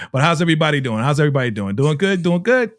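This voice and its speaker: A man's voice: fairly high pitch, expressive, fast talker, dry recording, clean studio sound. Hyped man hosting a live stream. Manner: hyped, repeats greetings over and over. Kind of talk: casual live recap chat.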